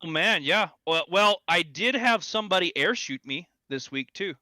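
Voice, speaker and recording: Man, podcast co-host, animated storyteller, bright and slightly high voice, dry close sound. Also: normal speed, no echo. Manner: animated storyteller, acts out quotes loudly. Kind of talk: casual chat.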